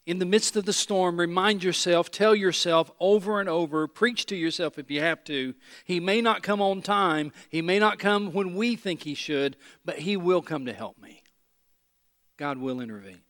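Animated preaching man, fairly high voice. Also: normal speed. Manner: animated preaching, swinging from loud emphasis to hushed low delivery; repeats phrases, talks directly to the congregation. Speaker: pastor. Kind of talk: sermon.

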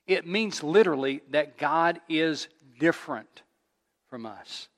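Male pastor, sermon delivery, higher voice, emphatic with hushed drops, long hall reverb. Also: lively intonation, slow. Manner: emphatic preaching with repetitions and dramatic drops to near whisper.

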